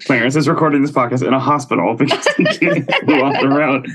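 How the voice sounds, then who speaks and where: A man's voice: mid-range voice, quick pace, a bit bright, breathy edge, poor audio. A man co-hosting a casual podcast, cracking dry jokes. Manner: dry, wisecracking. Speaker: podcast co-host.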